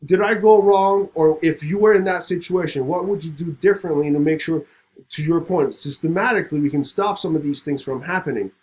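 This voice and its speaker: A podcast host talks in a fairly high voice. He tells a story in casual conversation and acts out each side of the exchange with a lot of energy. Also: a little fast. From Middle East. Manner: animated, acts out both sides of a story.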